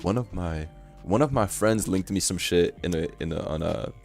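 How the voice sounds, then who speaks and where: A man's voice: deep voice, moderate pace, gravelly, darkish tone, soft background music. A young man streaming casually, talking in loose slang and laughing often. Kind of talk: casual live-stream chat.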